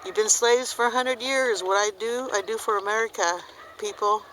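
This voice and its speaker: A person in their fifties delivers a rambling, impassioned monologue outdoors. The bright, sharp-edged voice is recorded on a handheld camera. The tone stays earnest and preachy, full of restarts. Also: mid-range voice, steady tone, normal speed, slight background noise, rough recording. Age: 50s. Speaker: activist vlogger. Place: outdoors by a river.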